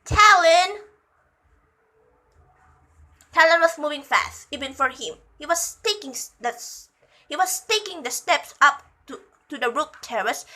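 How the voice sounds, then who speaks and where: A woman's voice: high voice, sharp tone, low-quality recording. A young woman reading a fan fiction story aloud, breaking off for gushing, giggly asides.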